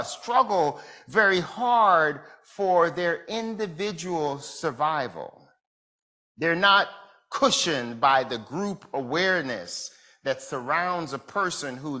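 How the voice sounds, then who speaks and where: A man from Jamaica, a pastor giving a measured sermon lecture and asking rhetorical questions. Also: on the high side, pushed and bright.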